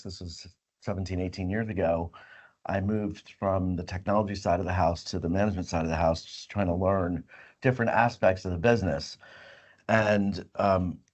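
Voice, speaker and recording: A man's voice: fairly low pitch, a little mellow, muffled recording. A middle-aged man, a company head, hosting a casual hot sauce chat and rambling a little as he talks. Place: company office.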